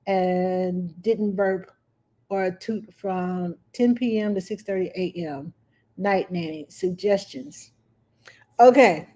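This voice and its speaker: On a live stream, a middle-aged nanny fields viewers' parenting questions with a mid-range, slightly mellow voice. She chats easily, greets people by name, and walks through her advice step by step.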